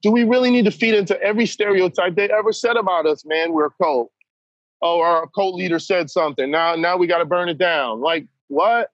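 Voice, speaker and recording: A man's voice: high voice, steady tone, fairly quick, dry recording, highs cut off. A man talking as a podcast guest, blunt and emphatic, who keeps saying "man" as he talks. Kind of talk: candid conversation.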